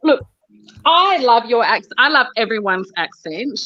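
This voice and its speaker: An Australian woman co-hosts a craft livestream, chatting easily and walking through each step. Her voice is bright and a touch high. The audio is dry and dull, like a lo-fi call. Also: very animated, a little slow. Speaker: craft demonstrator, co-host. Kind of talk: casual livestream chat and demonstration.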